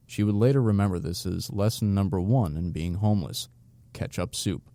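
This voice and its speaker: A man narrating an audiobook in a steady, even storytelling voice. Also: lowish voice, creaky.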